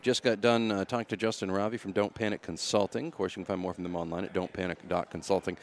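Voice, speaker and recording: A man hosting a live radio broadcast from a local event, with brisk, upbeat announcer patter. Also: low voice, little pitch movement, slight background noise. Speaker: radio host on location.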